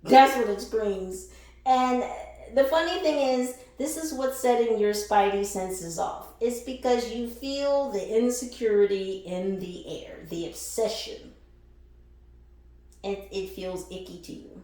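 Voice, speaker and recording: A woman's voice: fairly high pitch, expressive, takes it slowly, dark tone. A woman giving a casual spiritual reading, blunt and profane, who laughs between lines and repeats phrases for emphasis. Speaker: spiritual reader. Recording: very echoey room.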